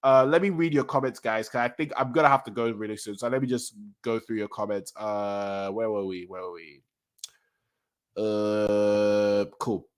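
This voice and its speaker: Excitable rambling man. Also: on the low side, normal speed, hardly any pauses, clean tone. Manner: rambling, excitable, self-correcting. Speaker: manga reaction streamer. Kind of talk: casual live-stream talk.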